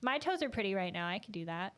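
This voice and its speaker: A woman's voice: medium pitch, quick pace. Teasing woman podcast co-host. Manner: teasing, playful, deadpan asides. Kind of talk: casual chat.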